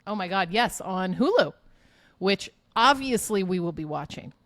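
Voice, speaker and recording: A woman's voice: medium pitch, animated, normal speed, a bit bright, no echo. A woman co-hosting a podcast, chatting casually in a teasing, playful way. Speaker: podcast co-host. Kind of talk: casual chat.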